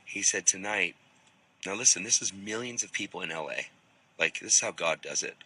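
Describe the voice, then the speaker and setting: Man, Bible teacher, casual storytelling, rambling with restarts, low voice, slightly husky. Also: expressive, fairly quick, sharp tone, low-quality recording.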